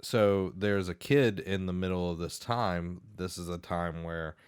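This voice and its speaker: A young man with a very deep, low voice chats casually as a podcast co-host. He retells a story in a relaxed way and breaks into acted-out lines and laughter. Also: smooth, no echo, studio quality. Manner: laughing, acts out characters' lines in quick bursts. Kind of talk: casual chat retelling a book.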